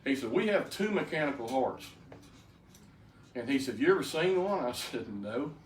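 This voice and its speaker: With a medium-pitched voice, animated delivery, and a moderate pace, an older man gives a folksy testimony to a group. He's a plainspoken storyteller prone to stammered restarts, heard through a distant mic in a roomy space with faint background noise.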